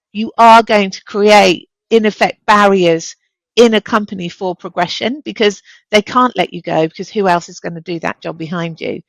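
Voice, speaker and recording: A woman's voice: mid-range voice, no echo, low-quality recording. A middle-aged woman, a chief executive, speaking as a guest in an interview, telling stories with energy and acting out the dialogue. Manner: energetic, animated storyteller, acts out quoted dialogue. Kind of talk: candid interview conversation.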